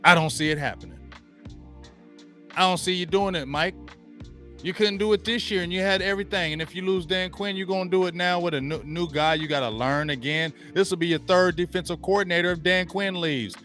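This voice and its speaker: A man's voice: high voice, fairly even intonation, a little fast, a bit bright, soft background music. A man hosting a sports talk show, giving blunt, slangy opinions and repeating points for emphasis.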